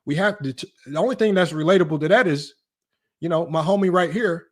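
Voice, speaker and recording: Guy running a sports stream, kinda high voice, animated and teasing. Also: fairly quick. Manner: animated, teasing, voice jumps high in mock disbelief. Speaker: livestream sports talk host. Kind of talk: casual livestream chat.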